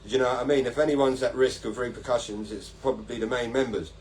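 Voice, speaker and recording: A man's voice: medium pitch, steady tone, quick pace, a little hiss or hum. A man hosting a casual podcast-style livestream, talking in a rambling, sweary way and laughing at his own stories. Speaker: livestream host.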